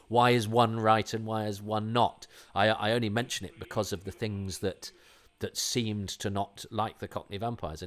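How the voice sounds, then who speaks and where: A middle-aged man with a fairly low voice holds forth in a casual podcast chat. He rambles enthusiastically and keeps restarting his sentences as he thinks aloud. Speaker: podcast host. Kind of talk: casual conversational commentary.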